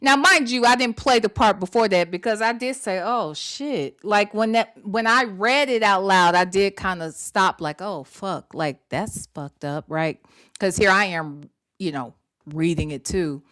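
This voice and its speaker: A woman's voice: medium pitch, moderate pace, a bit bright. A woman hosting a casual livestream, talking to her audience in a chatty way, full of slang and swearing. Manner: chatty, swears freely, lots of slang and "y'all". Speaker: host.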